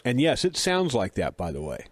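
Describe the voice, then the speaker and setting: A middle-aged man tells a story in a relaxed, chatty way, poking fun at himself and playing out both sides of a conversation. His mouth sounds a little dry. The recording is close and dead, with no room sound. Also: medium pitch, normal speed, dry recording. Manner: chatty, self-deprecating, acts out dialogue. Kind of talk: casual storytelling.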